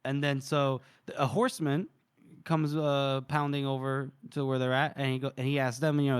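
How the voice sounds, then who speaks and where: A man's voice: medium pitch, fairly even intonation, fairly quick, clean tone, no echo, studio quality. A man co-hosting a podcast, animatedly retelling a story, acting out the characters' lines and laughing often. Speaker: podcast co-host. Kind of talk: casual book discussion.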